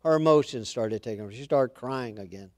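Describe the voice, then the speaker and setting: A man's voice: mid-range voice, brisk, a little mellow, no echo, studio quality. A man preaching an informal Bible-study sermon, reading scripture aloud and then commenting in a chatty way with asides.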